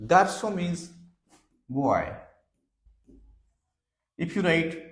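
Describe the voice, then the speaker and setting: Slow, deliberate male French teacher. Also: on the high side, sing-song, echoey room. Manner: slow, deliberate explaining, spelling words letter by letter. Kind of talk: classroom lecture.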